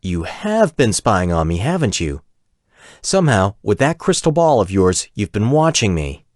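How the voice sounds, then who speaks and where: A man voicing a spirited, quick-tempered young woman adventurer in an audiobook, raising his voice to sound lighter. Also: fairly low pitch, big pitch swings, darkish tone, no echo, studio quality. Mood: accusing.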